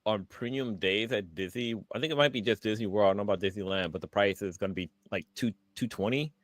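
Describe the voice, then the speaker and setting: A man's voice: lowish voice, fast talker, dry recording. A man co-hosting a casual podcast, joking loosely and swearing a lot. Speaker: podcast co-host. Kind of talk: casual chat.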